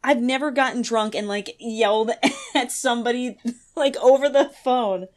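A woman's voice: on the high side, moderate pace. A young woman guest on a podcast, chatting casually, often laughing, exclaiming and acting out quotes. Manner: giggly, exclaiming, acts out quotes. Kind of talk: casual chat.

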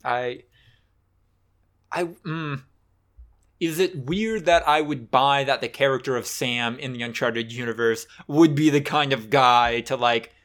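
A man's voice: mid-range voice, measured pace, fairly bright tone. Young male co-host, mid-range voice, wry and inquisitive. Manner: wry, asks questions, chuckles. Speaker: podcast co-host. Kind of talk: casual chat.

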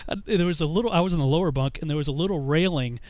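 A man's voice: fairly high pitch, rapid-fire, a little mellow, dry recording. A man telling a funny army story casually, laughing often and saying you know a lot.

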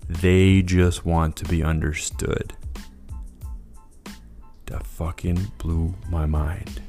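A man's voice: low-pitched, little pitch movement, extremely slow, dark tone, faint music behind. A man hosting a motivational podcast monologue, enthusiastic and freely profane. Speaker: podcast host.

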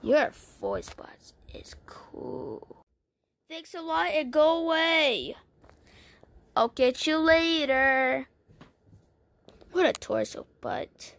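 A woman's voice: high-pitched, very slow, gravelly, long pauses, fairly bright tone. A woman acting out a homemade toy story, playful and full of exclamations and silly character voices.

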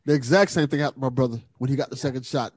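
A man co-hosting a podcast in casual chat, agreeing with his partner and adding flat, matter-of-fact statements. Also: mid-range voice, racing, husky, no room sound. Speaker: podcast co-host.

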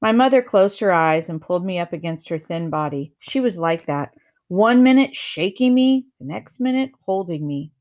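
A woman reading a first-person novel chapter aloud in a calm, measured storytelling manner. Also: fairly low pitch, lo-fi sound. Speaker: reader.

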